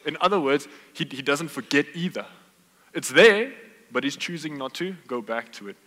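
A man's voice: a little high, moderate pace. A man preaching a sermon, casual and joking, telling stories to his congregation. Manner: relaxed, joking, conversational preaching. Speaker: pastor. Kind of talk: sermon with storytelling. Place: church hall. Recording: long hall reverb.

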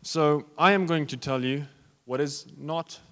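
A man's voice: a little high, measured pace, fairly bright tone, big-room sound. A man preaching a sermon as pastor, joking and talking straight to his congregation.

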